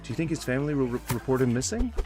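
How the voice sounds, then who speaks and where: A man's voice: medium pitch, very animated, rapid-fire, music in the background. A man giving casual gameplay commentary in a rambling manner, swearing freely and yelping suddenly. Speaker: gaming YouTuber.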